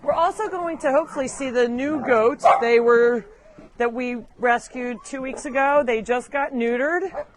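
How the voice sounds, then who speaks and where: A woman's voice: sits high, moderate pace, heavy background noise. Chatty woman hosting a farm tour. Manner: chatty, laughing, coaxing and scolding animals. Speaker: host of an animal sanctuary live show. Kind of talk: casual live tour narration. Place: walking around a farm sanctuary, indoors and outdoors. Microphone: wearing a microphone.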